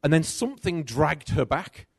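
A middle-aged man with a creaky, husky voice preaches at a moderate pace, telling a personal story and shifting between loud and soft. His pitch rises and falls with lively movement. The recording is dry and close.

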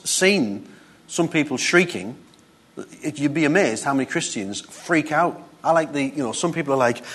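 Guy preaching casually, reads a bit of bible then chats about it, mid-pitched voice. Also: a bit bright. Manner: conversational, reads scripture aloud and comments with asides. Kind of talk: informal Bible teaching.

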